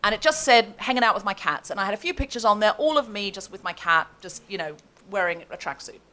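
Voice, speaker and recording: A woman hosting a live comedy podcast, telling a story on stage with lots of laughing and animated delivery. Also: medium pitch, fast.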